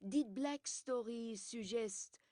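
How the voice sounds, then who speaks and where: A woman voicing a fussy, self-assured older male detective who explains things in a brisk, lecturing way. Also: a little high, mellow, dry recording, clean studio sound. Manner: brisk, lecturing, pleased with himself.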